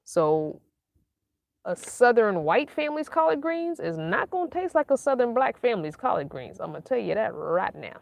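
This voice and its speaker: A woman from Northern Virginia hosting a casual livestream, reading viewer comments aloud in a chatty, animated way and laughing often. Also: on the high side, moderate pace, vocal fry, no echo, clean studio sound. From Northern Virginia, USA. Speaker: vlogger hosting a live chat.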